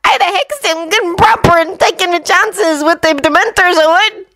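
A woman voicing a cackling old hag who shouts from a pub table. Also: extremely high pitch, normal speed, pitched above the performer's own voice. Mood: scornful.

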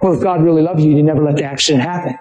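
A man voicing a sly, accusing devil who mutters taunts low and quick. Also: fairly even intonation, roomy sound, a crowd in the background, close to an everyday voice, low-quality recording. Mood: taunting. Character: sly accusing male devil, sneering tempter.

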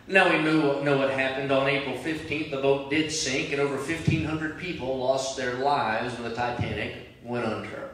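Impassioned preacher in an echoing church. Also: male voice, medium pitch, fairly even intonation, moderate pace, hardly any pauses. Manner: preaching, rising to loud impassioned cries. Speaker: pastor. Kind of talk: sermon. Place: large church sanctuary. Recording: very echoey church from a distant mic.

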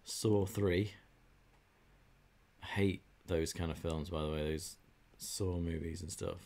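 A man's voice: low voice, steady tone, takes it slowly, gravelly, darkish tone. A man, streaming a video game and chatting in a joking way. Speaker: gaming streamer. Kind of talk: casual game commentary.

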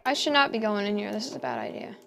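A woman's voice: mid-range voice, very animated, quick pace, vocal fry, a bit bright, slight background noise. A woman giving casual let's-play commentary, talking to herself and squealing at danger. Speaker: gamer.

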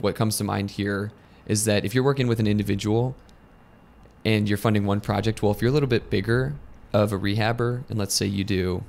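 A man's voice: lowish voice, vocal fry, darkish tone. A man with an American accent co-hosting a casual business discussion, explaining points step by step in a conversational way. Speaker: lending company co-host.

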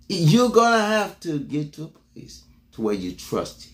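Man, preacher, motivational sermon, high voice, call-and-response, repetitive exhortation. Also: wildly swooping pitch, measured pace. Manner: repeats words when building up, swings from loud to low.

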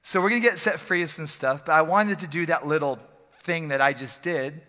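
A male pastor preaching an energetic, joking, conversational sermon in a church service, often repeating phrases for emphasis. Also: on the high side, brisk. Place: church sanctuary during a service. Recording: long hall reverb from a church.

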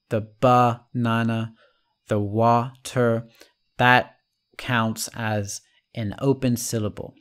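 Slow, patient male English teacher. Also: medium pitch. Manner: explains patiently, checks in with frequent "right?"; spells out letters and repeats example words slowly. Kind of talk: recorded online lesson.

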